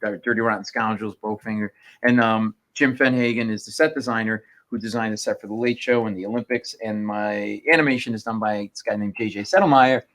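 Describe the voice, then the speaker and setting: Guy comedian telling stories on a radio show, gets loud and high doing the people he met. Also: brisk, few pauses. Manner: animated storyteller, acts out quoted people in rising pitch. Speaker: comedian guest.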